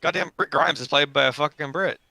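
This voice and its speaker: Foul-mouthed man, very bright dry voice. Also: a little high, a little fast, gravelly, dry recording. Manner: swears a lot, rambling and excitable. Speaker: podcast co-host. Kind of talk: casual chat.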